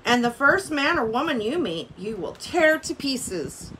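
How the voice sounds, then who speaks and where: A woman reading aloud and voicing a hungry old male tiger who is gruff but soft-hearted, in a lower, slower growl. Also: big pitch swings, slight background noise, heavily acted, low-quality recording. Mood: menacing.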